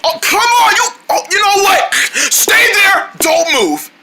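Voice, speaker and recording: A man voicing a small excitable tailed cartoon creature that talks in frantic shouts. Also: very high-pitched, measured pace, heavy background noise, pitched above the performer's own voice, full character voice.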